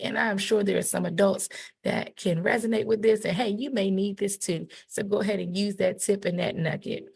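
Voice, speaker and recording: Middle-aged woman educator, warm-hearted coaching delivery, slightly raspy with some vocal fry. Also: mid-range voice, moderate pace. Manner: animated, encouraging, acts out quotes. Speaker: educator presenting a puberty book. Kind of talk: teaching talk to parents and kids.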